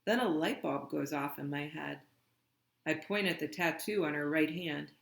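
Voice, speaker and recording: A reader reading a children's novel aloud, slow and deliberate. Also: medium pitch, gravelly, a bit bright. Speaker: audiobook reader. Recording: roomy, echoey room.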